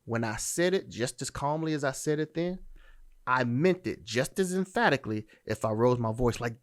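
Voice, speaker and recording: A man's voice: mid-range voice, expressive, moderate pace. A man hosts a dating commentary podcast in a mid-range voice. He talks bluntly and emphatically, swearing freely and often restarting his sentences as he drives a point home. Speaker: podcast host.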